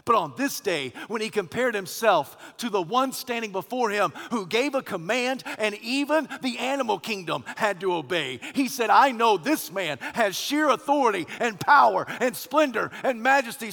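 A man preaching a sermon as pastor, swinging between loud declarations and hushed, quiet lines. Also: high-pitched, lively intonation, moderate pace, gravelly. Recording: long hall reverb.

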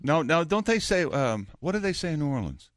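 A man co-hosting a morning radio show, chiming in with quick jokes in casual banter. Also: on the high side, sing-song, dry recording, clean studio sound. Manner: quick joking interjections.

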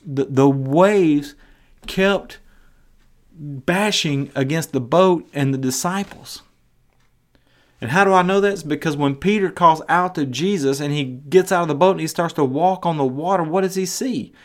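Male podcast preacher, slightly high voice, earnest, acts out quotes. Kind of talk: devotional podcast teaching.

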